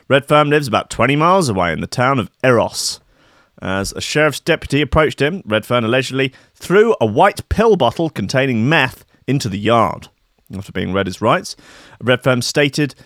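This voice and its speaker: A young man riffs through odd news stories as a comedy host. He rambles, swears freely and keeps an irreverent tone. His voice sits at an ordinary pitch, and the recording is close and dry with no room sound. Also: a bit bright, no room sound.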